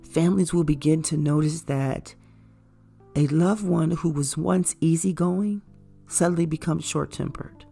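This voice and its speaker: Earnest woman with a gravelly voice. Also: sits low, measured pace, mellow, faint music behind. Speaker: caregiver educator. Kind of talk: informative talk to camera.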